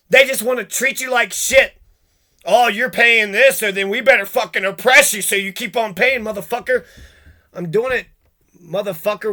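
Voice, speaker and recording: A man's voice: very high voice, sharp tone. A man delivering a heated, profane rant, cursing and jumping from one grievance to the next.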